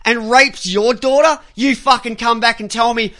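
A man holds the mic on a talk radio show and rants without letup. His voice is bright and forceful. He curses, mocks and breaks into shouts. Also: extremely high pitch, fairly even intonation, normal speed. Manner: ranting, profane, mocking, shouting in bursts. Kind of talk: angry radio rant.

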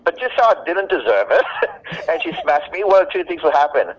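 A man's voice: fairly high pitch, big pitch swings, a little fast. A man in casual chat, blunt, profane and emphatic. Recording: dull lo-fi recording.

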